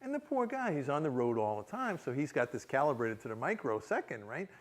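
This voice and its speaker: A man's voice: medium pitch, sing-song, a little fast. A man, an author telling a comic, self-mocking story to an audience with frequent restarts. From New York City, USA. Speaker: author giving a public reading.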